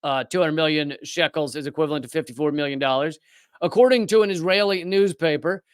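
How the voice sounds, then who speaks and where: A man's voice: fairly high pitch, brisk, clear, resonant tone, no echo. A man hosting political commentary, speaking in an indignant, sarcastic way.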